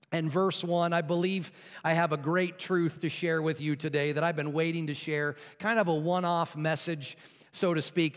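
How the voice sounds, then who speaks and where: A male pastor giving a sermon with announcements, joking lightly with his congregation. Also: high voice. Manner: jokey, chuckles at own joke. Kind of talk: sermon with opening joke. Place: church sanctuary. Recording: long reverb of a large hall.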